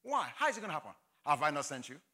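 Pastor, male, accented English, high bright lively preaching voice. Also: racing. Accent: non-native English. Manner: impassioned preaching, acts out Bible voices. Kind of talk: sermon.

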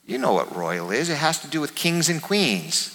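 A man preaching a sermon as pastor, emphatic, repeating his key words and swinging between soft and loud. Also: fairly high pitch, big pitch swings, normal speed, creaky, long reverb tail, low-quality recording.

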